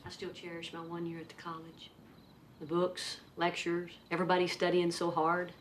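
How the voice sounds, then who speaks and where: A woman's voice: lowish voice, monotone, normal speed, slight background noise, close to an everyday voice. An actress playing a middle-aged wife and mother who dreams of going to college, speaking with a twangy accent. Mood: wistful. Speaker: film character in clips. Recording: film audio with soft music.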